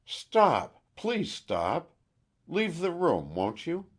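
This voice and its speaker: Man doing a scared young woman, raised voice, halting, tremulous, audiobook. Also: lowish voice, very animated, pitched above the performer's own voice, full character voice. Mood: desperate. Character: frightened secretive young woman art student.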